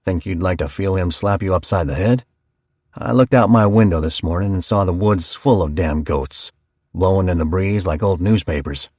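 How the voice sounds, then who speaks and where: Man voicing a cursing barber: gravel in the throat, blunt, low and dry. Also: moderate pace, a little mellow, no room sound. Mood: grumbling. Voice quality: grinding, gravelly. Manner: blunt, swearing. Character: gruff male small-town barber, blunt and cursing.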